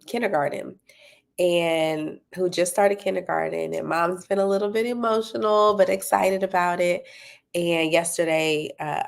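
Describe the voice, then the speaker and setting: Her voice sits on the low side with a gravelly texture. She's a parenting coach and tutoring business owner giving a parenting talk, cheering on and checking in with her audience as she promotes her tutoring company.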